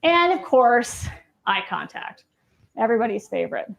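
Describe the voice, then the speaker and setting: A woman's voice: a little high, very animated, moderate pace, creaky, a bit bright, lo-fi sound. A woman clinician giving a live lecture, talking casually and checking in with the audience with frequent questions. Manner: conversational, asks the audience questions, tags points with "right?". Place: lecture room on a university campus.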